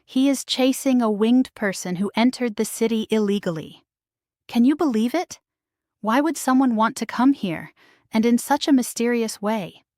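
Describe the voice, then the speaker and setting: A woman's voice: on the high side, normal speed, a little mellow, no echo, clean studio sound, lightly acted. A woman voicing a gaudy, gossiping noblewoman who speaks in a fake English accent, in a storybook reading. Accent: put-on English. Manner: gossiping, secretive.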